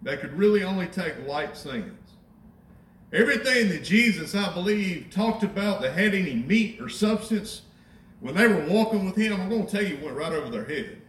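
A man preaching a sermon in a conversational, animated way, with wry asides to the congregation. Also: high-pitched, normal speed. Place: church sanctuary. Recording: echoey church from a distance.

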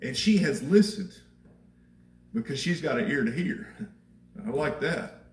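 A pastor with a high voice preaches expressively and a little slowly, talking with his flock, asking rhetorical questions, and repeating phrases for weight. He's recorded from afar, and his voice rings through the large church sanctuary.

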